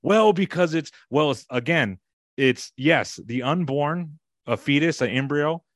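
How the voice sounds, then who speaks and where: A man's voice: on the high side, unhurried, no room sound. Casual man host, dry close sound. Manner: conversational, with filler words. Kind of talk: casual discussion.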